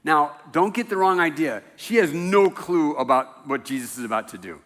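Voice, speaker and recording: A man's voice: a little high, lively intonation, normal speed, a bit bright, long reverb tail. A man preaching a sermon in a church, talking in a loose, conversational way with self-deprecating jokes. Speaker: pastor. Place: church sanctuary.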